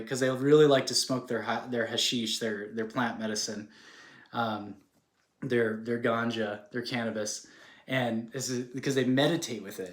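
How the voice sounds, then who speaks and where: Male speaker, casual rambling storyteller, average pitch, roomy echo. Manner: rambling, filler-heavy, animated retelling. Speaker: spiritual speaker.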